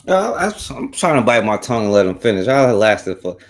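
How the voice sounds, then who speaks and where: A man's voice: lowish voice, big pitch swings, fairly quick. A man co-hosting a casual talk radio show, heated and emphatic, cussing as he makes his point. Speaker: co-host.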